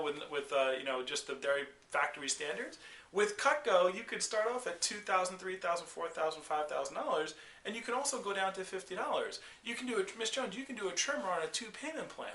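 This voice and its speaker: Energetic man coaching on sales, echoey room. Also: fairly high pitch. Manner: energetic, repetitive, frequent "okay?" and "all right?" check-ins; acts out customer and doctor voices. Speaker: sales trainer. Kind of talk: motivational sales talk.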